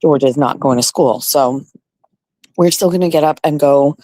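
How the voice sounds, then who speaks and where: Low-voiced woman hosting a chatty morning show. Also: normal speed, dark tone, dry recording. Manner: chatty, rambling, self-mocking. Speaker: show host. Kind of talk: casual morning chat.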